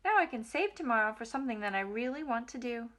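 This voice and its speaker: A woman reading aloud as Toad, a male storybook toad who is easygoing and quick to give up. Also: a little high, animated, fairly bright tone.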